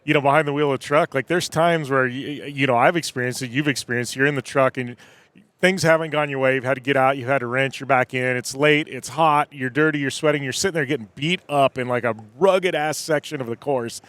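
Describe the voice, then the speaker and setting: A man's voice: mid-range voice, fast, a bit bright, no room sound. A man co-hosting a casual podcast interview at a trade show, speaking emphatically in punchy short sentences. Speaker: podcast co-host.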